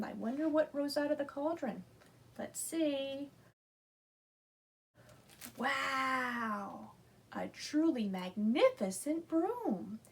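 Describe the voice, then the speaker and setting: Animated slow-reading librarian woman. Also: a little high, breathy edge. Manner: animated, asks children to join in. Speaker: children's librarian. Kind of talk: reading a picture book aloud.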